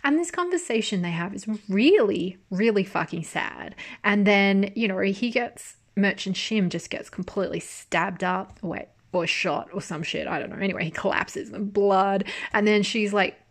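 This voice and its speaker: Chatty woman reviewer, casual recap, loose and animated, swears freely. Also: mid-range voice, normal speed, hardly any pauses. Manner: chatty, animated storytelling with frequent swearing and laughs. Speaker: drama reviewer. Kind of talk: casual chat.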